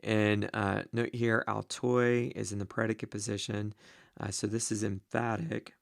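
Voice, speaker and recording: A man teaching the Greek grammar of a Bible passage, slow and deliberate, with many ums and uhs. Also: on the low side, flat delivery, gravelly, no room sound, clean studio sound.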